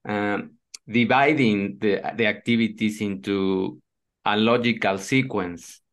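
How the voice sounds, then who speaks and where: Low-voiced man, halting podcast talk. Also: steady tone, fairly bright tone. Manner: halting, repeats words while searching for phrasing. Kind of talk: casual podcast conversation.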